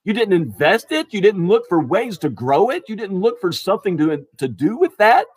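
A man voicing a demanding wealthy master in a retold parable, emphatic and loud in praise and rebuke. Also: sits high, big pitch swings, moderate pace, slightly rough, exaggerated voice. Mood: scolding. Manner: emphatic, praising loudly then scolding.

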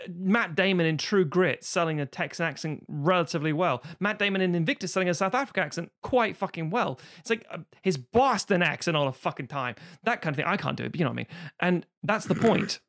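A person chatting casually on a podcast, animated and profane, slipping into mock voices. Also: mid-range voice, fast. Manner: animated, swears a lot, slips into mock voices.

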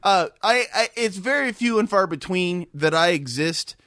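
A man with a high, lively voice chats on a podcast and tells stories in a loose, profane style. He laughs often and swoops up and down in pitch. The sound is close and dry. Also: moderate pace, no room sound. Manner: profane, animated storyteller who laughs often. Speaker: podcast co-host. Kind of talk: casual podcast chat.

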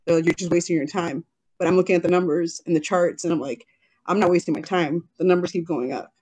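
A woman's voice: fairly low pitch, steady tone, fast, a little mellow, breathy edge. Chatty, emotional woman on a video call. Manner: emotional, chatty, quotes herself often. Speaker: guest, jewelry business owner. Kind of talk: casual interview chat.

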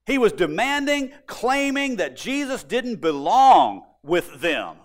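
Male pastor preaching, high voice, swings up and down a lot, emphatic, repeats lines for effect. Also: unhurried, hardly any pauses. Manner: emphatic, expressive, repetitive for effect. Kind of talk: sermon.

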